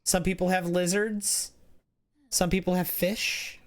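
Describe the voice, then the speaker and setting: A man's voice: high-pitched, little pitch movement, takes it slowly. A man streaming a game, chatting casually in a rambling way, reading chat aloud and often restarting his sentences.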